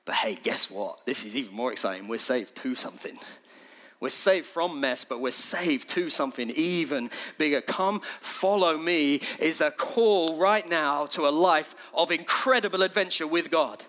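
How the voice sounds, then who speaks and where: A man preaching with real fervour, his voice high and bright and edged with tension. He sinks to near-whispers, then climbs into ringing, urgent calls to his listeners. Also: animated, normal speed. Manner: impassioned, swings from hushed to shouting. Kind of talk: sermon.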